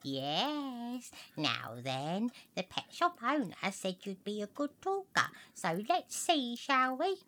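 Comedy radio sketch: a fussy old lady pet owner, voiced by a woman, cooing in slow, lively baby talk. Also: fairly high pitch, heavily acted.

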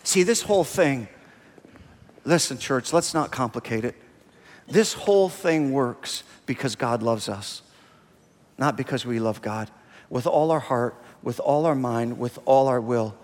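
Animated pastor preaching in a reverberant hall. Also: male voice, medium pitch, a little slow. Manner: animated storytelling, retelling another man's words. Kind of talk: sermon. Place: church sanctuary.

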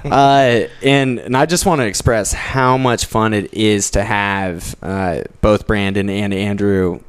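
Male guest musician, earnest and appreciative, stumbles over repeated words, clear lowish voice. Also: takes it slowly. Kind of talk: casual chat.

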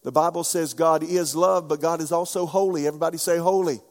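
A pastor preaches in a fairly high, gravelly voice, telling homespun stories and calling out questions to his congregation. His voice rings with the long reverb of a church hall. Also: fairly even intonation, quick pace. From South Carolina, USA. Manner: folksy storytelling, asks the congregation questions. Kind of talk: sermon.

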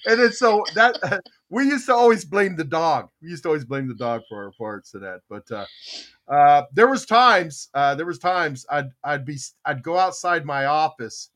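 A man's voice: on the high side, expressive, normal speed, a bit bright. An older man hosting a casual podcast chat, telling stories animatedly with laughter and acted-out quotes. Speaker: podcast host.

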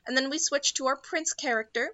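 Bright-voiced woman recapping a film. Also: high voice, brisk, no room sound, lo-fi sound. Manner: animated storytelling with filler ums. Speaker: podcast co-host recapping a film. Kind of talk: casual chat.

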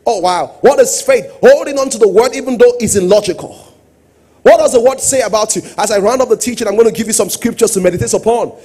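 Male pastor, husky high voice, sermon delivery that drops to quiet asides and rises to sung-out calls. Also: fast talker. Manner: swings between soft asides and loud sung-out exhortation.

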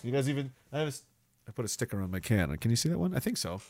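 A man's voice: mid-range voice, sing-song, rapid-fire, a little mellow. A young adult man hosting a casual livestream, joking, laughing often and reading viewer messages aloud. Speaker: livestream show host.

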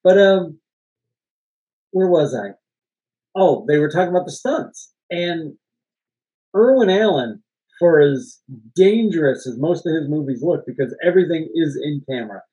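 A man with a higher voice co-hosts a casual movie podcast, sounding animated yet unhurried, pausing often, with a dark tone. The recording is low quality. He tells rambling behind-the-scenes stories, laughs a lot and swears occasionally.

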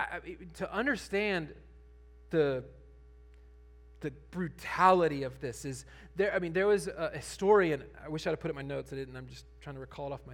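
A man pastor preaching a sermon, conversational at times and building to emphatic, animated preaching. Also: a little high.

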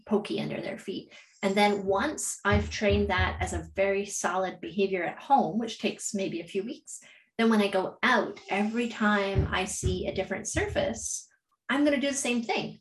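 A woman co-hosting a casual chat, laying out her training plans in a measured, orderly way. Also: medium pitch. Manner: measured, lays out plans in order, laughs easily. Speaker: dog trainer, co-host. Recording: roomy echo.

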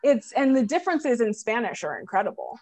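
Woman from new york in her 30s, fairly high voice, wry chatty storyteller. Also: big pitch swings, brisk, darkish tone, no echo. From New York City and rural New Jersey. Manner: friendly, wry, talks in long stories. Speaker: podcast guest. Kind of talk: casual interview chat.

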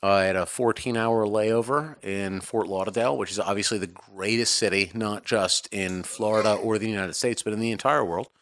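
A man's voice: fairly low pitch, moderate pace, few pauses, fairly bright tone. A man co-hosting a podcast in casual chat, wry and argumentative, often talking over the others. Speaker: podcast co-host.

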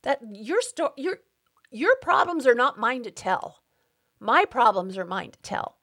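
A woman's voice: a little high, big pitch swings, measured pace, bright, forceful tone. A middle-aged woman hosting her own podcast, speaking an emphatic, indignant personal monologue and getting worked up as she talks. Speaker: podcast host.

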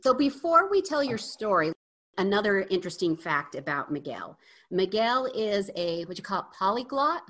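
A woman's voice: mid-range voice, big pitch swings, moderate pace, fairly bright tone. A woman hosting an interview podcast, welcoming and upbeat, now and then searching for the right word. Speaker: podcast host.

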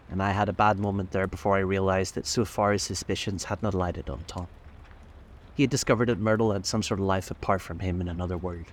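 A man narrating a classic novel aloud in a steady, measured way. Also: low voice, a little hiss or hum. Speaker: audiobook narrator.

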